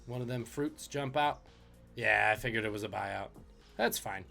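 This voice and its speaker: A man's voice: lowish voice, normal speed, vocal fry, pushed and bright, faint music behind. A man hosting a live-streamed trivia game, joking and chatting with viewers between questions.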